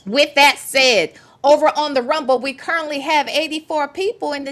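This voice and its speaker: A woman's voice: sits high, moderate pace, few pauses, fairly bright tone. A woman hosting a casual livestream commentary, sassy and emphatic, with slangy talk and playful repetition. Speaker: show host.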